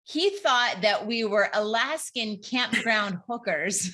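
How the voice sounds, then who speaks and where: Bright-voiced woman podcast co-host. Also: a little high, animated, slow pace. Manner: storytelling, laughs often. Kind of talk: casual chat.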